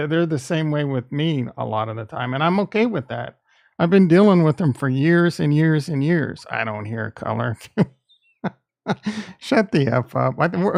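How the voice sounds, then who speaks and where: A man's voice: medium pitch, vocal fry. A man hosting a casual livestream, talking back to his chat in a defensive, joking way. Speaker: livestream host reading chat.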